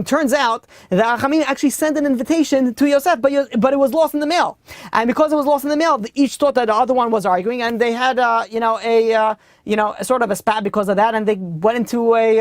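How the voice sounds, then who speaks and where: A man's voice: very high voice, quick pace, no echo, studio quality. A man, a rabbi teaching a weekly class, telling a story conversationally with many fillers and acting out the dialogue. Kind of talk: storytelling lesson.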